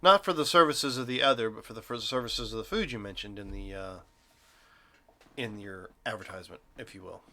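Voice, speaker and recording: A man's voice: fairly low pitch, fairly quick, bright, forceful tone. A man running a tabletop game as game master, narrating casually with a joking manner.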